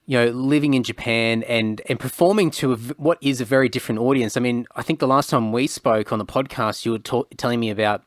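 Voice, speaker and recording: A man hosting a podcast in a relaxed, encouraging manner, with an even mid-range voice. The sound is dry and close, with no room around it. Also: mid-range voice, quick pace, few pauses, dry recording. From Queensland, Australia. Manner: easygoing, encouraging, repeats words as he talks. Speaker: podcast host. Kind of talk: casual chat.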